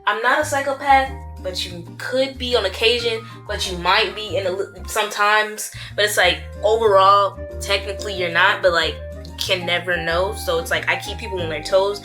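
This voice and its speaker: A woman's voice: medium pitch, fairly even intonation, normal speed, sharp tone. A young woman vlogging in a playful, dramatic way, often laughing. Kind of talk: casual vlog chat. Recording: music playing behind.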